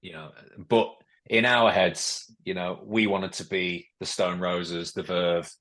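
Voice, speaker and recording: A man's voice: low voice, fairly even intonation, takes it slowly, fairly bright tone. A man from England, a former footballer guesting on a podcast, telling rambling anecdotes in casual chat.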